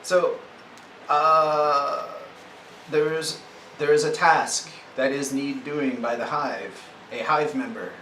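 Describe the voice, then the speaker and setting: A man's voice: medium pitch, fairly even intonation, slow pace, sharp tone. A man playing a tabletop role-playing game who talks casually and often restarts his sentences. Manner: hesitant, stumbling restarts. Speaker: player. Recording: distant voice in an echoey room with noise.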